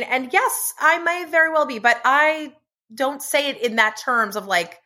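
A woman's voice: high-pitched, animated, moderate pace, bright, forceful tone. A woman in her thirties co-hosting a podcast, talking frankly and casually about parenting. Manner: agreeable, frank, swears casually. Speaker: podcast co-host. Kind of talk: casual chat.

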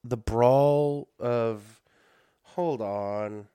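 A man's voice: medium pitch, drawn-out words, warm tone, clean tone, no room sound, studio quality. A man hosting a casual solo podcast, rambling and correcting himself, with lots of fillers and some swearing. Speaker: podcast host. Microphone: dusty podcast microphones.

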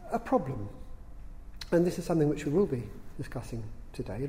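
A man giving a public lecture in a large hall, dry and witty, unhurried, with the odd filler. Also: a little high, warm tone. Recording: reverberant hall sound.

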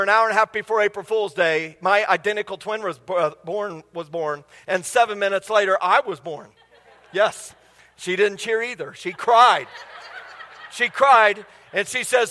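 High-voiced, bright preacher in a reverberant hall. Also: male voice, normal speed. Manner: humorous storytelling, quizzing the congregation. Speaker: pastor. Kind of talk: sermon. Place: church sanctuary. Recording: long reverb of a large hall.

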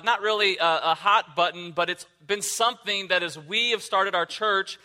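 A man's voice: high voice, bright, forceful tone. A man who is a lead pastor, giving a sermon in a casual, conversational way with frequent fillers.

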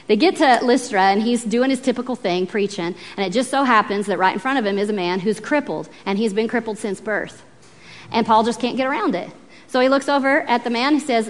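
A woman preacher giving a sermon, telling the story in a lively, animated way and acting out the people in it. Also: mid-range voice, fairly quick, in a large hall.

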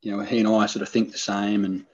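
An Australian man tells his story in a relaxed, rambling way, full of fillers and restarts. His voice sits low and a touch husky. The recording is dull and lo-fi. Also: fast. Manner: rambling, laid-back, many fillers and restarts. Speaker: podcast guest, hunter. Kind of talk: casual storytelling.

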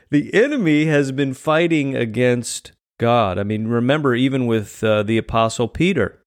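A man's voice: medium pitch, animated, normal speed, few pauses, no room sound, studio quality. Guy giving a sermon, earnest, repeats himself a bit while explaining the bible. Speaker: preacher. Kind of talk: sermon with scripture reading.

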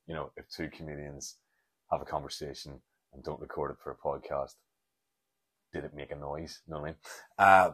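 A Northern Irish man in his forties talks alone into the mic in a deep, low voice. The sound is dry and close, with no room around it. He rambles, swears freely and makes fun of himself, like a comedian thinking aloud. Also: no echo. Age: 40s. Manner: candid, self-deprecating, sweary, rambling. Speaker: comedian podcast host. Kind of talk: rambling solo podcast monologue.

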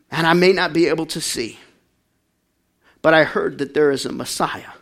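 A man pastor preaching a sermon, calling on the congregation to answer back and swinging from quiet talk to loud shouting. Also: on the high side, normal speed, pauses often.

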